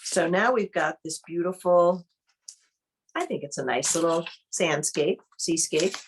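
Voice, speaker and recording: A woman with a notably low voice leads an art workshop in a slow, unhurried way. She talks through each step calmly as she demonstrates it. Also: a little hiss or hum. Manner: calm, unhurried, thinks aloud while demonstrating. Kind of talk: online interactive workshop teaching.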